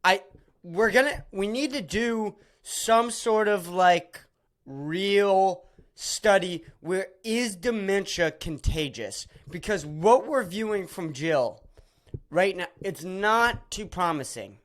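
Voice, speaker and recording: A man's voice: high-pitched, lively intonation, slow, a bit bright. A man hosting a solo podcast, ranting in a profane, rambling, sarcastic way with many restarts. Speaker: podcast host.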